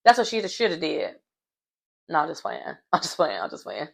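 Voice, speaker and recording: A woman's voice: deep voice, sing-song, normal speed, creaky. A woman hosting a casual reality TV recap, sassy and colloquial, laughing often as she reacts.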